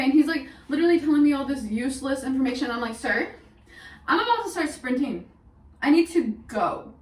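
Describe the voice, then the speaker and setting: A woman's voice: high voice, darkish tone, distant mic. A young woman telling a story in a casual vlog, chatty and full of swearing, laughing as she goes. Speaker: vlogger. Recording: echoey room, mic set back, faint hiss.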